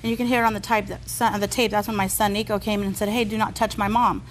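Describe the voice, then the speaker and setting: A woman testifying in a TV courtroom, rushed and apologetic, stringing her sentences together. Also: medium pitch, little pitch movement, a little hiss or hum, low-quality recording. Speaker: litigant.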